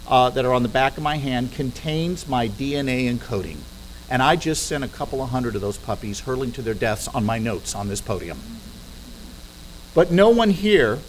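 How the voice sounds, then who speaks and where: A man's voice: a little high, poor audio. A middle-aged man speaks from a church podium in a slightly raised voice, driving his points home with rhetorical questions. He slips in dry, humorous asides. A faint hum sits under the sound. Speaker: guest speaker. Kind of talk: persuasive public talk.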